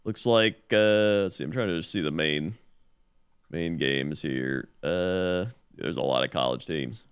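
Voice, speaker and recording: Male co-host, lowish smooth voice, laid-back halting read, dry mic. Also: no room sound. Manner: easygoing, hesitant, many "uh"s while looking things up. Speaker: podcast co-host. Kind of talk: casual chat, mock news segments.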